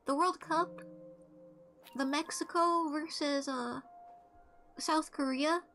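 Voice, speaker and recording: A young woman with a strikingly high voice chats casually while streaming a game. She tells her stories bluntly and swears freely, and soft game music plays quietly behind her. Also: fairly even intonation, slow pace. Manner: blunt, profane storytelling.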